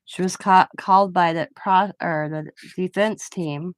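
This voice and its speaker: A woman's voice: fairly low pitch, fairly even intonation, unhurried, background noise. Blunt, opinionated woman chatting. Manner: blunt, opinionated, swears casually. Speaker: craft channel host. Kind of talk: casual chat while crafting.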